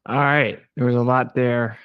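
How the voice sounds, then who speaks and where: A man's voice: mid-range voice, fairly even intonation, normal speed, smooth, muffled recording. Man arguing a debate point. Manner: confident, explains step by step, checks with "right?". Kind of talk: debate argument.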